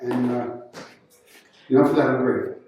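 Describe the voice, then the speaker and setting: A man's voice: medium pitch, steady tone, brisk, a little mellow, slight background noise. A man giving a storytelling tribute at a memorial, acting out the quotes in his anecdote. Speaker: eulogy speaker. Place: country club function room. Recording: echoey room, distant mic.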